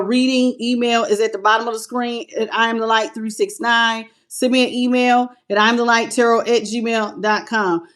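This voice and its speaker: A woman giving a live tarot reading, talking in an animated, conversational way and greeting viewers as they join. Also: a little high. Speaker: tarot reader.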